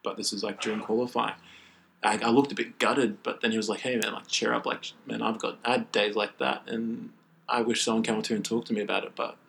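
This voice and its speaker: A man's voice: fairly low pitch, fast, creaky, a little hiss or hum, low-quality recording. A young man, a triple jumper, telling a story casually in an interview, saying "like" constantly. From Australia. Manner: animated, says "like" constantly.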